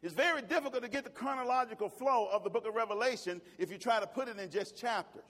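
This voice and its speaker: A male pastor preaching a sermon in a church, switching between shouted exclamations and folksy jokes. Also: very high voice, fast. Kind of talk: fiery sermon. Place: church sanctuary. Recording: long church-hall reverb.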